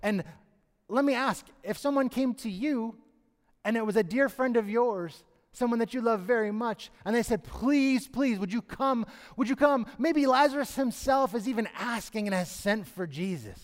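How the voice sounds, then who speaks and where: A man's voice: very high-pitched, expressive, normal speed. A man preaching a sermon who acts out the pleading voices of the characters in his story. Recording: long hall reverb.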